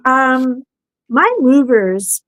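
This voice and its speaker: A woman hosting a chatty podcast, telling a story slowly in a fairly high voice and acting out everyone's lines. The sound is close and dry, with no room around her. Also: no echo, rough recording. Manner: animated storyteller who acts out quotes. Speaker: podcast host. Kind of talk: casual chat, storytelling.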